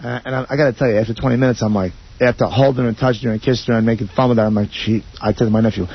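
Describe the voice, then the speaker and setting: A man guesting on a radio show, rambling through a story with halting restarts. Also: medium pitch, fairly even intonation, husky. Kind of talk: casual radio banter. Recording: muffled radio broadcast.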